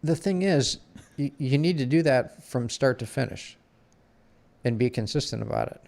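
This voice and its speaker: A man with a gravelly, creaky edge to an ordinary-pitched voice, chatting on a podcast. He gives blunt opinions in a deliberate way and often restarts his sentences as he thinks. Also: expressive, a little mellow. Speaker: podcast co-host. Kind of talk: casual chat.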